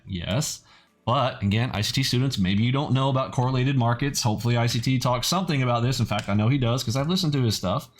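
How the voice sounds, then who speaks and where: A man's voice: mid-range voice, fast talker. A man hosting a trading channel in a casual, blunt and skeptical way, often adding "okay" as he talks. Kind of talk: casual video commentary.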